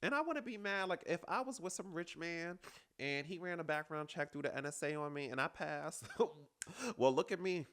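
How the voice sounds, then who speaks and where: A man hosting a casual reality TV recap, sassy and animated, calling everyone girl and tossing in playful digs. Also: on the high side, moderate pace, clear, resonant tone.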